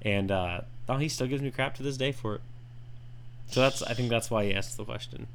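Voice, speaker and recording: A man co-hosting a podcast and telling a story in casual chat, animated and jumping into high voices when he quotes people. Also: fairly quick, vocal fry, a little hiss or hum. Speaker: podcast co-host.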